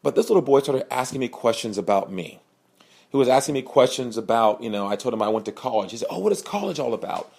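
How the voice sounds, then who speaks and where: A young man hosting a podcast, telling a personal story in an earnest, animated way and voicing the people in it. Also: fast. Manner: earnest, animated, acts out quoted voices with raised pitch. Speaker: podcast host, sales speaker.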